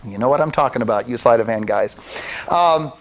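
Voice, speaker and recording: A man's voice: mid-range voice, fairly quick. A man who works as a mentalist, teaching a card routine in a chatty way, with joking asides and frequent restarts. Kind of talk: demonstration lecture.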